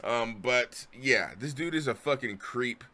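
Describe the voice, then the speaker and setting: A man's voice: mid-range voice, a little slow, sharp tone. A man streaming his reactions to a video, ranting profanely and sounding exasperated. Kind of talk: live stream commentary.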